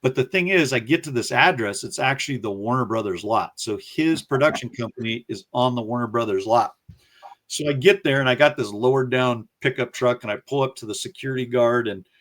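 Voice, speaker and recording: A man's voice: mid-range voice, brisk. A man in a casual interview, telling a story with energy and acting out the voices of the people he quotes. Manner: animated storyteller who acts out quoted voices. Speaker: guest recounting his career.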